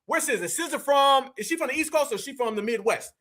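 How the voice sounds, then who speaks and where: A man with a very high, piercing voice delivers heated online commentary straight to his audience. He talks in emphatic slang and keeps calling his viewers fam and y'all. The tone is sharp and forceful. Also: expressive, fast. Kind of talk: opinionated commentary.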